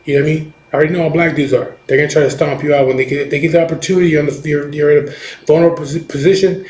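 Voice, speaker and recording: A man's voice: a little high, fairly even intonation, very fast, a little mellow. Profane middle-aged man telling a story. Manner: profane, rambling, with many restarts and "you know what I mean". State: recovering from chemotherapy. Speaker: biker telling a personal story. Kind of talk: casual storytelling. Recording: echoey room.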